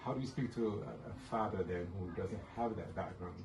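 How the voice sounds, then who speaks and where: A man's voice: fairly low pitch, brisk, gravelly. A man moderating an interview, asking questions and encouraging his guest with frequent affirming murmurs. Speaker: host and moderator. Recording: roomy, distant mic with noise.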